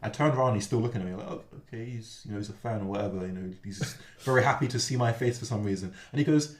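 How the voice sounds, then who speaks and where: A man's voice: fairly low pitch, rapid-fire. A young man hosting, casually telling stories and acting out the people in them. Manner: animated storyteller, acts out voices. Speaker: host. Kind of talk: casual chat. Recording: echoey room, faint background noise.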